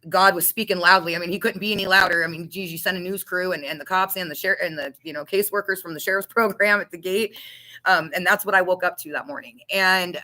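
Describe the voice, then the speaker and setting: A woman's voice: on the low side, steady tone, fast, pushed and bright, low-quality recording. A woman giving a candid, emotional personal testimony about her recovery, talking with restarts and blunt swearing. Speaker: recovery storyteller.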